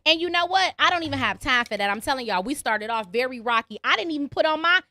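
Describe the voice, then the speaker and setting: Woman podcast host, very high and bright, swooping pitch; blunt, profane rant. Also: lively intonation, fast, dry recording. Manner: repeats lines for emphasis. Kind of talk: opinionated call-in podcast monologue.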